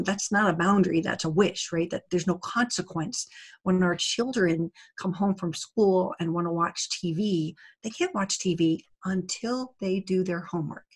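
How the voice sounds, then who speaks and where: A woman's voice: lowish voice, moderate pace, breathy edge. A woman giving an earnest, conversational talk on setting boundaries, acting out short dialogues as she goes. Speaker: summit speaker on narcissistic abuse recovery. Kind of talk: interview-style talk.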